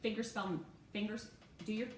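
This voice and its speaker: A woman teaching a one-on-one phonics lesson, patient and encouraging, saying words out slowly and clearly. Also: medium pitch, steady tone. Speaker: reading teacher. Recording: echoey room, far from mic, faint hum.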